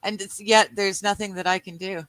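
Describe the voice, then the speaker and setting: A woman's voice: medium pitch, steady tone, fairly quick, fairly bright tone, no echo, low-quality recording. A Canadian woman co-hosting a live game night, reading chat aloud, joking and laughing often while she plays cards. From British Columbia, Canada. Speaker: livestream co-host. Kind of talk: casual chat while playing a card game.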